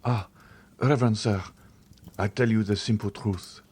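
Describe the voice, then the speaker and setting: A man's voice: lowish voice, fairly even intonation, a little slow, darkish tone, husky. A man voicing a frightened, sly male ex-convict who pleads and dodges questions. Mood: pleading. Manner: pleading, evasive.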